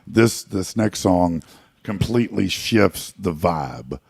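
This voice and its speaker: Man, very deep, gravelly, dry sound, rambling casual talk. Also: lively intonation, slow pace, dry recording. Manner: rambling, many fillers and restarts. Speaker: guest musician. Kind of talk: casual interview chat.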